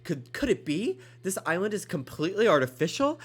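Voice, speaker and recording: Stuffed-up male streamer, lively delivery, reads game text, playful and joking. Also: high-pitched, brisk, breathy edge. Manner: playful, stumbling over words, joking asides. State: stuffed up, congested. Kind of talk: reading game dialogue aloud on a stream.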